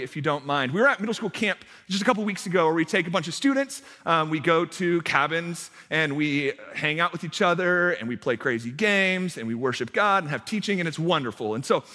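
A man's voice: sits high, pushed and bright. A young man, a youth pastor, giving a casual sermon full of fillers and restarts as he tells a camp story. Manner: chatty, self-deprecating, many fillers and restarts. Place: church hall. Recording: long hall reverb.

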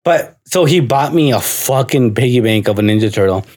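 A man's voice: medium pitch, lively intonation, moderate pace, a little mellow. A man in his thirties, a podcast co-host telling stories in casual chat, swearing freely, often laughing, acting out his dad and slipping into Spanish. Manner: swearing storyteller who acts out his dad, mixing in Spanish.

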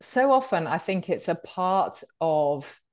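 British woman, 50s, lower voice, chatty guest, dry close mic. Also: lively intonation, slow, no echo. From Britain. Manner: chatty, warm-humored, many ums. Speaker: podcast guest, author and speaker. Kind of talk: conversational interview.

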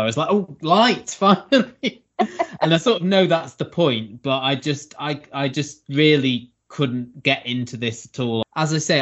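A man's voice: mid-range voice, a bit bright, lo-fi sound. A man hosting a TV review podcast, frank and plain-spoken with candid opinions. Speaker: podcast host. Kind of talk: casual review chat.

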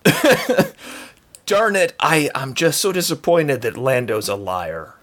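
Brief: podcast co-host, male, slow-talking, wildly swooping pitch, jokey and laughing. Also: very animated, a bit bright. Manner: laughs often, joking. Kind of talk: casual chat.

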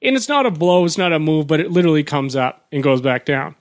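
A man telling a profane, animated story on a casual radio show, acting out what people said. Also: a little high. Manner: fast animated storytelling, profane, acts out quotes. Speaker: guest storyteller.

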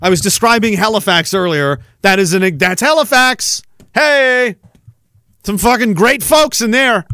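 High-pitched guy ranting on his podcast, swearing, laughing, loud then mumbly, dry close mic. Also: measured pace, clear, resonant tone, no room sound. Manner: profane, laughing, swings between shouting and low mumbling. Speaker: podcast host. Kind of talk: ranting solo monologue.

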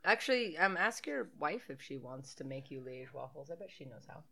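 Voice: mid-range voice, animated, moderate pace, gravelly, pushed and bright. A podcast co-host talking through a movie in loose, casual chat. The delivery is sarcastic and jokey, with frequent laughter. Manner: joking, sarcastic, laughs often.

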